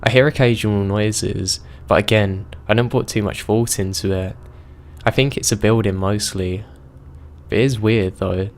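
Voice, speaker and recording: A man's voice: lowish voice, steady tone, moderate pace, a little hiss or hum, close to an everyday voice. A man voicing an unbothered church caretaker in his seventies who talks in a casual, shrugging tone. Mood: offhand.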